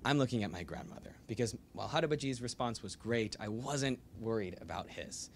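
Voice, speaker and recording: A young American man, an author, telling a personal story to a live audience in a bookstore with lively, animated delivery. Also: on the low side, fairly quick, few pauses, background noise. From United States. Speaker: author giving a book talk. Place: bookstore event room.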